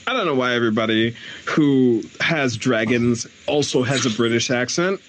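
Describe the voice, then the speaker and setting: Chatty, excitable male podcast host. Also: mid-range voice, normal speed, noisy background. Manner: enthusiastic, laughs often, many restarts and "like" fillers. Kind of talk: casual conversational interview.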